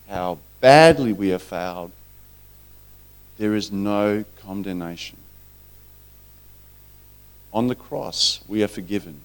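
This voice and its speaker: A man preaching a sermon, telling a story earnestly and acting out the quoted lines. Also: on the low side.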